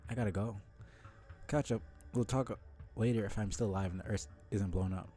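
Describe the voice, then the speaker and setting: A man's voice: lowish voice, fairly quick, soft background music, lightly acted. Man voicing a flustered thirteen-year-old boy. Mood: anxious. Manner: anxious, excitable.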